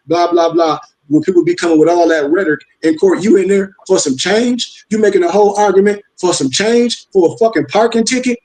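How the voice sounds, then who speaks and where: A man's voice: high voice, a little fast, a little mellow, rough recording. An older man, hosting a casual live-stream discussion, emphatic and preachy, firing rhetorical questions and repeating himself. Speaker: host. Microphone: video call.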